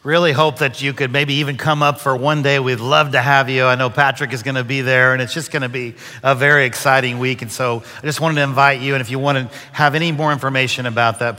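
A man preaching in a large church auditorium, his voice bright and forceful. Long reverb trails each phrase through the hall. He tells stories in a folksy, conversational way. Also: mid-range voice. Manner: folksy joke-telling, conversational. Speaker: guest preacher. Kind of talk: sermon with storytelling.

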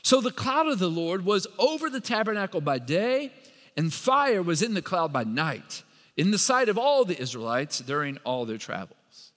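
A man's voice: high voice, big pitch swings, moderate pace, fairly bright tone. A man preaching a sermon, with dramatic repetition and rising emphasis, standing before a congregation. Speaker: pastor. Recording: long reverb of a large hall.

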